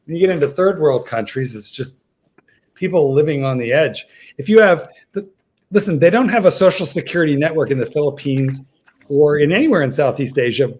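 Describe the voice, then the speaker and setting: A man's voice: a little high, a little mellow. A man, a dog trainer, chatting on a livestream panel over a video call, telling stories in a rambling way with many restarts. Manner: rambling, storytelling, frequent restarts. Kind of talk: casual panel chat.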